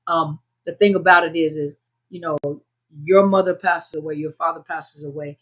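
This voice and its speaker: A woman's voice: sits low, steady tone, moderate pace, a bit bright, breathy edge, dull audio. A woman hosting a casual advice talk, speaking conversationally, repeating her points and addressing her audience directly. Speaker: host giving advice on narcissistic abuse. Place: indoors, under a bright light.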